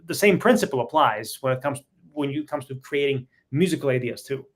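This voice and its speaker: A man's voice: mid-range voice, a little fast. A man hosting an interview, answering with short agreeing replies and passing the turn to his guest. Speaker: host interviewer. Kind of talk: casual interview chat.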